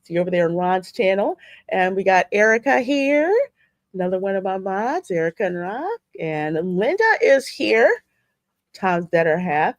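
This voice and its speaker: Woman host on a live stream, slightly low voice, chatty and warm with viewers, dry room. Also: expressive, measured pace, no echo. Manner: chatty, effusive, often laughing. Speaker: livestream podcast host. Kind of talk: casual live chat, greeting viewers.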